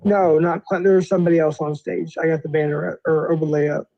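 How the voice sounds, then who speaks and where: A man's voice: fairly high pitch, steady tone, a little fast, gravelly. A man hosting a live stream, chatting casually and interrupting himself to check who is on stage. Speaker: stream host. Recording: dull lo-fi stream audio.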